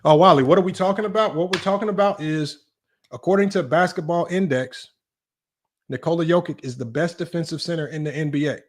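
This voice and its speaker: A man hosting a sports debate livestream, talking brashly and teasing his chat in quick casual commentary. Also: fairly high pitch. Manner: brash, rapid, teasing, talks straight to chat. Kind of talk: casual live-stream commentary.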